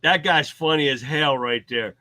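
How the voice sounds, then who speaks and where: A man's voice: fairly high pitch, moderate pace, pushed and bright, no room sound. A man hosting a livestream, giving casual commentary in a rambling, chatty way. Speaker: livestream host.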